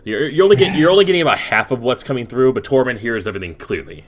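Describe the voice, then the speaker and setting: A man's voice: mid-range voice, expressive, very fast, soft background music. A young man narrating a tabletop game as game master, rambling with many restarts and fillers.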